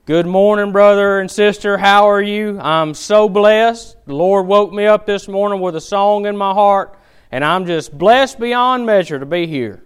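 A man's voice: high voice, a little slow, clean tone, pitched above the performer's own voice. A man voicing an overly pious churchgoing woman who talks in sugary, effusive, falsely holy phrases. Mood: gushing.

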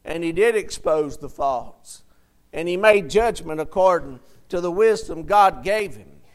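A man's voice: on the high side, expressive, unhurried. A man preaching to his church, retelling a Bible story in plain words, calling out for amens and reading old King James verses aloud. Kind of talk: sermon.

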